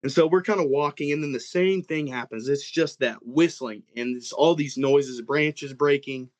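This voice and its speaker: A young man from Oklahoma recounts a creepy night in the woods as a podcast guest. His voice sits at an ordinary middle pitch, and he rambles, circling back to act out what his brother and friends said. It is casual, unscripted storytelling. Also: moderate pace. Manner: rambling, animated retelling with many "like"s and quoted dialogue. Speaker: guest telling an encounter story.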